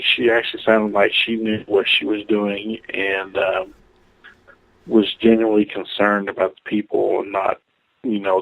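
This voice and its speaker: Low-voiced male caller on a tinny phone line. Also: creaky. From Oklahoma. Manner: rambling, with many fillers. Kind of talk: casual call-in chat.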